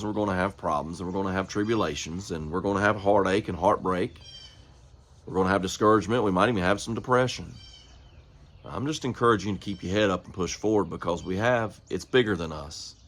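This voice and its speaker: A middle-aged preacher with a very low, deep voice speaks in an earnest, folksy way, weaving a personal story into a sermon. His delivery is plain and conversational, like a man talking to his own congregation. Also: fairly bright tone.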